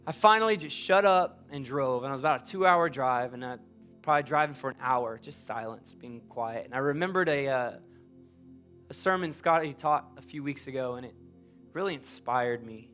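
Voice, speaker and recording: A man preaching a sermon as a pastor, emphatic and personal, swinging from loud urging to quiet confiding. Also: medium pitch, moderate pace, faint music behind.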